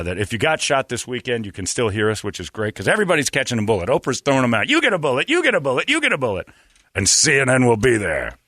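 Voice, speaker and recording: A man's voice: medium pitch, dry recording, studio quality. A man hosting a podcast in casual chat, telling stories with put-on voices and laughter. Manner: animated storytelling with mocking voices and laughs. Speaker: podcast host.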